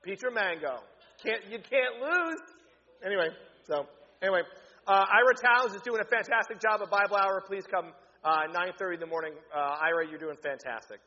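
A pastor giving church announcements, upbeat and joking with the congregation. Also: male voice, sits high, a little fast, bright, forceful tone. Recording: echoey hall, dull lo-fi sound.

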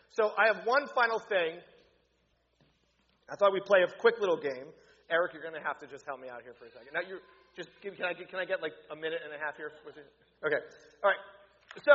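A pastor giving church announcements, upbeat and joking with the congregation. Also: male voice, high-pitched, pushed and bright. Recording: echoey hall, dull lo-fi sound.

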